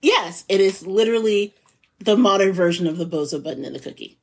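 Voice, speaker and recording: A woman's voice: medium pitch, lively intonation, brisk, slightly rough. A woman co-hosting a podcast, laughing easily in casual chat and recapping a news story for her co-host.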